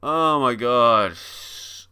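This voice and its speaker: A man's voice: medium pitch, animated, very slow, pushed and bright, slight background noise. A man commentating casually on a live stream of a football management game, chatty and mock-frustrated, laughing and talking to his chat.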